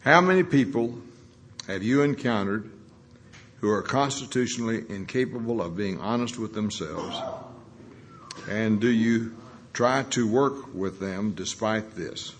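A man's voice: on the low side, unhurried, slight background noise. An older man, a lawyer, telling folksy stories about his recovery at a meeting. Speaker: recovering alcoholic sharing at a meeting. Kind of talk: folksy anecdotal storytelling.

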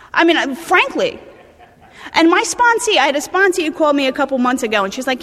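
A woman's voice: high voice, lively intonation, fast, fairly bright tone, in a large hall. A woman in her thirties with a New Jersey accent, speaking bluntly and animatedly at a recovery meeting, swearing and restarting her sentences. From New Jersey, USA. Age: 30s.

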